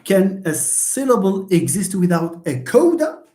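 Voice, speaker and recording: Animated Moroccan lecturer, lively voice. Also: male voice, high voice, a little slow, echoey room. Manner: animated, switching between English, French and Arabic; pedagogical, asks and answers his own questions. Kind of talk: online class lecture.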